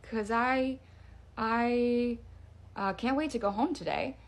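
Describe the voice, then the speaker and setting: A woman's voice: fairly high pitch, slow. A woman casually telling a first-person scary story in a chatty way, with fillers and restarts.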